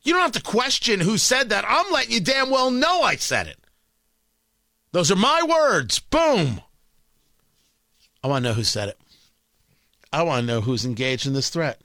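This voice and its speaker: A man hosts a talk radio show from a studio, his voice pitched high and bright against a dry, close microphone. He argues in short, combative bursts and hammers the same demand again and again. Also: very animated, moderate pace, creaky, long pauses, no echo. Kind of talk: opinionated talk radio monologue.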